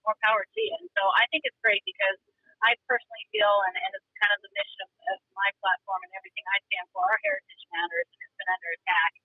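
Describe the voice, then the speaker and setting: A woman guest from Montana telling stories in a chatty, animated way, calling in while she drives. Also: medium pitch, rapid-fire, slightly rough, dry recording. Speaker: rodeo guest. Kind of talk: casual interview chat. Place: car. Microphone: phone call while driving. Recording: dull, dry phone-call audio.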